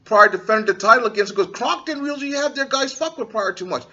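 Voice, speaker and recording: A man's voice: high voice, animated, fairly quick, bright, forceful tone, muffled recording. A man hosting a boxing talk show, giving blunt, profane opinions in a casual monologue and acting out what fighters say.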